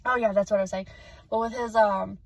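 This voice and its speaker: A woman's voice: mid-range voice, steady tone, a little fast, no echo, rough recording. A young adult woman giving a casual vlog update, rambling and emotional with many fillers. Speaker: vlogger.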